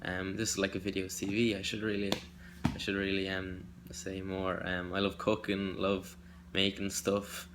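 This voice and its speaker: A man's voice: sits low, completely flat delivery, normal speed, few pauses, background noise. A young Irish man introducing himself in an audition video, hesitant and rambling, poking fun at himself. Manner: hesitant and rambling, self-deprecating. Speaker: acting hopeful.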